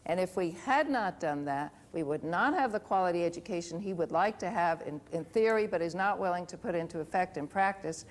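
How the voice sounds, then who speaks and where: A woman answers her opponents in a televised debate, measured and pausing often. Her voice sits somewhat low for a woman. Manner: measured, with frequent uh pauses. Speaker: state governor in a televised debate. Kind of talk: debate reply. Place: TV studio.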